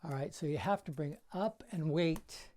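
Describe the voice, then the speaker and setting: Older juggling coach with a mellow voice. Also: mid-range voice, normal speed. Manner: counts throws aloud while demonstrating; plain, encouraging coaching talk. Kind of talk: casual how-to tutorial. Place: bedroom.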